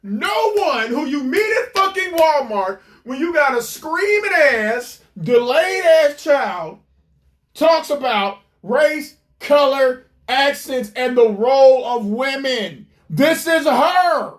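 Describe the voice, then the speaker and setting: High-pitched mocking commentator. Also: animated, takes it slowly. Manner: mocking, profane, incredulous. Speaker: commentator reacting to a clip. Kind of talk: ranting reaction commentary.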